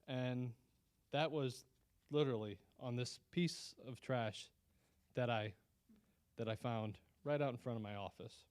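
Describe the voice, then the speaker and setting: A man's voice: mid-range voice, measured pace, clean tone. Earnest man sharing a personal testimony. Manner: earnest, conversational storytelling with frequent restarts. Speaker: guest speaker at a Christian business lunch.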